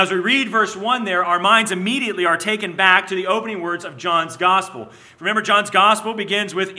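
Man, preacher, expository sermon, high-pitched, measured teaching pace. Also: sharp tone. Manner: measured teaching, slowing on key phrases; restarts and repeats words as he goes.

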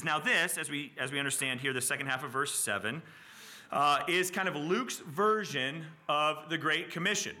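A man preaching an expository sermon, lively and conversational, who acts out the quoted lines and now and then trips over a word. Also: on the high side, moderate pace. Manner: animated, acts out quotes, small stumbles and laughs.

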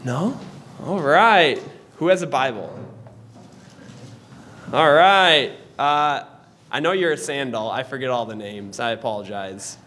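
A young man teaching a church class in a conversational way, pausing and correcting himself as he goes. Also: medium pitch, lively intonation, a bit bright, a little hiss or hum. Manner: conversational, with pauses and restarts. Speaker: Sunday school teacher.

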